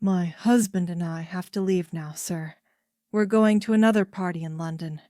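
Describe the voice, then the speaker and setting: A woman voicing a frank, lively American society woman in storybook dialogue, speaking directly. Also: lowish voice, normal speed, no room sound, clean studio sound, lightly acted.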